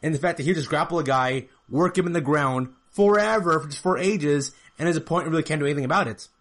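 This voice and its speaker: Male podcast host, slightly high voice, chatty solo fight breakdown, repeats key stats. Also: quick pace, a bit bright. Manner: talkative, repeats figures and points for emphasis.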